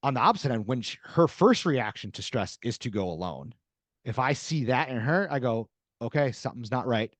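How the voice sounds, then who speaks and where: Podcast guest, middle-aged man, lively, acts out dialogue; dry close mic. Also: medium pitch, fairly quick, dry recording. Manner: animated storyteller acting out dialogue. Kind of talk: casual interview conversation.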